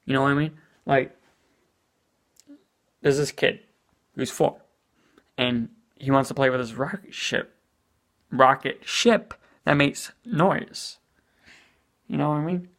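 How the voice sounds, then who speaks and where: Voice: medium pitch, slow pace, long pauses, fairly bright tone. A speaker giving a casual spoken movie review as an exasperated rant, full of "you know" and swearing.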